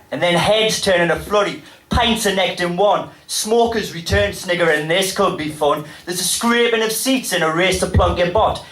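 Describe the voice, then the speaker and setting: A man with a Geordie accent performing spoken-word poetry on stage, with dramatic delivery and sudden loud bursts. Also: high voice, far from the mic. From North East England. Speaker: poet. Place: pub venue with a live audience. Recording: roomy live pub recording from afar.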